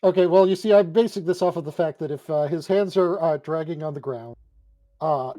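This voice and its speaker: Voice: medium pitch, a little fast, mellow. A player in a tabletop game, asking the game master questions with hesitant starts and fillers.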